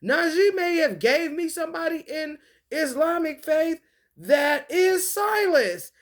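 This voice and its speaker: A woman talking in a rambling, casual monologue, profane and free-associating, with an animated delivery. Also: on the high side.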